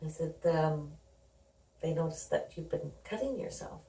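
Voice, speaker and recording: A woman's voice: low-pitched, animated, a little slow, mellow. Middle-aged mother recounting family stories. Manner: conversational, reenacts dialogue. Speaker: guest. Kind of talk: candid personal storytelling. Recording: roomy sound, distant from the mic.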